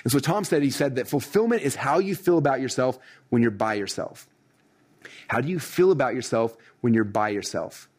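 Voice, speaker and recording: A middle-aged man giving a motivational training talk to a live audience, energetic and peppered with "right?" and "like". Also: mid-range voice, brisk. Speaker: success coach.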